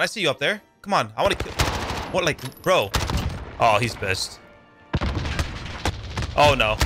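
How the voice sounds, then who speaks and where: A young male pro gamer rattles off hyped, lively play-by-play while he plays. His voice sits a little high and leaps around in pitch. Loud shooter-game gunfire keeps going under his talk. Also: noisy background. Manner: hyped, excitable, yelling at plays. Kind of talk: live gameplay commentary.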